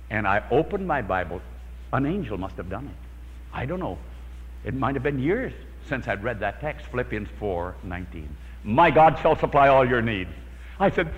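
A man's voice: medium pitch, lively intonation, moderate pace. A man preaching a sermon, telling a personal prayer story with dramatic storytelling and acting out his own prayers. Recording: lo-fi hall recording with long reverb.

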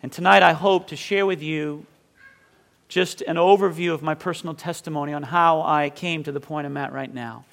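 A man's voice: fairly high pitch, fairly even intonation, normal speed, creaky, a bit bright. A male pastor from southern Maine, probably in his thirties, preaching a sermon in an earnest manner that builds intensity on key points.

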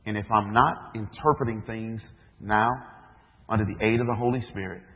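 A man's voice: fairly low pitch, steady tone, normal speed. A minister preaches to his congregation, telling his story and voicing its dialogue, then turning it into questions for the listeners. His voice rings out in a hall with long reverb. The recording is dull and muffled. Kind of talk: sermon.

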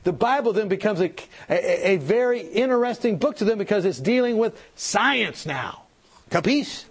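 A man giving an animated church seminar talk, telling stories, acting out the people in them and asking the audience questions. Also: high-pitched, normal speed, slightly rough. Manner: animated storytelling, acts out quoted people. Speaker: health speaker.

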